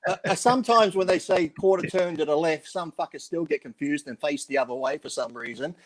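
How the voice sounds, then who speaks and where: Man, casual podcast storyteller, swears a lot, slightly higher voice. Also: a little fast. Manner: rambling, acts out quotes, swears freely. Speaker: podcast co-host, former bodybuilder.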